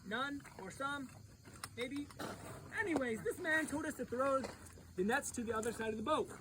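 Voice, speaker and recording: A high-voiced woman youth pastor tells a Bible story as if she lived it, playful and animated, speaking straight to her listeners. A faint hiss of noise sits under the recording. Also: normal speed. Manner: animated, playful, addresses the audience directly. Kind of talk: acting out a Bible story as a first-person storyteller.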